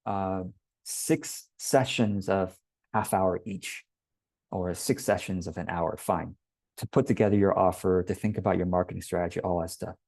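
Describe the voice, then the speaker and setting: A man teaches business marketing in an easygoing, conversational way, often slipping into quick acted-out voices of other people. His voice sits on the low side and sounds warm and mellow. The recording is dry, with almost no room sound. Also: steady tone, gravelly, no room sound. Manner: conversational, breaks into quoted voices. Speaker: business coach. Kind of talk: casual workshop teaching.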